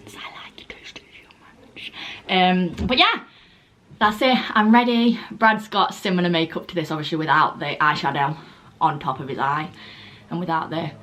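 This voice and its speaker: A woman's voice: lowish voice, fairly bright tone, slight background noise. A young woman in her twenties chatting casually to her phone camera, rambling with lots of ums and laughs. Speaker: vlogger.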